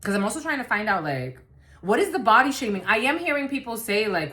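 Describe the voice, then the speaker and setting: A woman's voice: a little high, big pitch swings, quick pace, bright, forceful tone. A woman giving a collective tarot reading to camera, blunt and rambling, swearing freely and laughing often. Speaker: tarot card reader.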